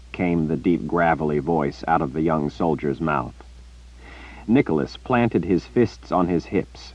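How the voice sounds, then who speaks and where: A man narrating an audiobook in a steady, expressive storytelling manner. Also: rumbling low, measured pace, no echo, lo-fi sound.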